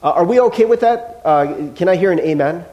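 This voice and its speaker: A man's voice: high voice, expressive, brisk, warm tone, lo-fi sound. A man preaching a sermon as pastor, chatty and playful, acting out little dialogues with the congregation.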